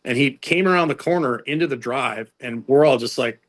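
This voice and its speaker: Speaking a little fast, this middle-aged coach tells animated stories as a guest, his mid-range voice leaping up for each quote. He leans heavily on fillers like "like" and "you know" and keeps starting his sentences over.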